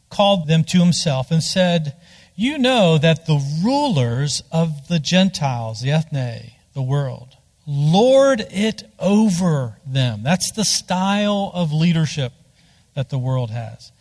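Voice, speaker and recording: Man, pastor, sermon, slightly high voice, chatty digressions, long hall reverb. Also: sing-song, slow, a little mellow. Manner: conversational, digressive, stresses words by rising in pitch.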